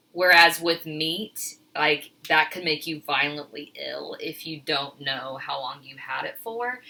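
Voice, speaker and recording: A woman cooking in her home kitchen and talking the viewer through it in a casual, chatty way. Her voice is sharp and bright and sits a little low. She sounds a bit flustered and laughs at herself as she goes. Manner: chatty, self-deprecating, flustered. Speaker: teacher filming a cooking video.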